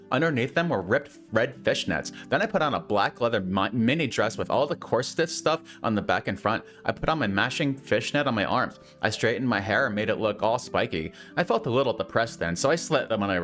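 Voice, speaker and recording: A man's voice: fairly low pitch, a bit bright. Man reading a story aloud for laughs. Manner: amused, breaks off to comment. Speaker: host reading fanfiction aloud. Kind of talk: comedic dramatic reading.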